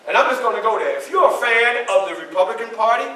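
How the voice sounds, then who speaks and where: A spirited, proud statesman, as a man acts him out tells his story in first person and keeps turning to address listeners. His voice sits high and bright. It comes from a distance in a very reverberant library hall with a faint hiss. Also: quick pace, heavily acted. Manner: animated, addresses the audience directly. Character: Frederick Douglass, proud male orator and statesman. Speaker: historical reenactor. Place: library event room, indoors.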